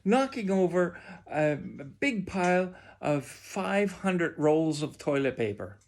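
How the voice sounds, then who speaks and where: A man reading a children's storybook aloud with expressive, drawn-out delivery. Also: fairly high pitch, creaky.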